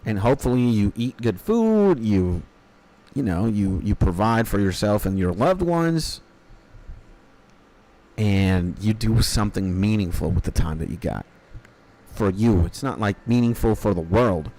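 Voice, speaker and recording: A man's voice: on the low side, sing-song, a little slow, dark tone. A man in his thirties talks loosely while he streams a game. He rambles from one thought to the next and swears freely. He mixes mock-serious life advice with offhand jokes. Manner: rambling, profane, mock-philosophical. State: hungry after an early start. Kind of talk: casual chat while gaming.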